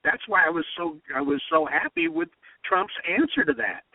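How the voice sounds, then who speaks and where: A man's voice: high voice, very animated, normal speed, no room sound. A man hosting a political talk radio show, emphatic and impassioned, often repeating himself. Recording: dry, phone-like radio sound.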